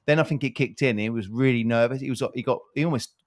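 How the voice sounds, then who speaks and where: A man on a property podcast talks at a quick clip with a mid-range voice. He rambles through stories about old clients, tenants and running costs. He drops asides and corrects himself as he goes, keeping it conversational. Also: mid-range voice. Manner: rapid rambling delivery with asides. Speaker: podcast co-host, property developer. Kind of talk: casual chat.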